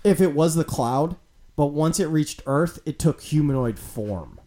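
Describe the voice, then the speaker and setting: A man chatting casually as a podcast co-host, animated, swearing freely and acting out quotes. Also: on the high side, unhurried, a loud crowd. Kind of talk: casual chat.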